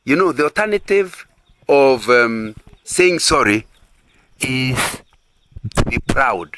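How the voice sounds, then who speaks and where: A man's voice: mid-range voice, lively intonation, slow pace, pushed and bright. A man preaching at a couples' retreat, earnest and repetitive, often asking the audience if they agree. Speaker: pastor.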